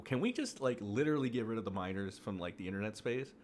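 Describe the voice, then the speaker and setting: A man's voice: animated, quick pace, slight background noise. Profane ranting man, heavy on fillers. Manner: profane, exasperated, heavy on fillers, mocking high-pitched quotes. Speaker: commentary streamer. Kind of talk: ranting commentary.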